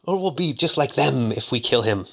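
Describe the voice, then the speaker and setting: A man voicing a panicked young woman who begs in a high falsetto, in a spoken toy-movie retelling. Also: lively intonation, normal speed, gravelly, a bit bright. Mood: pleading. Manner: breathless high falsetto, begging.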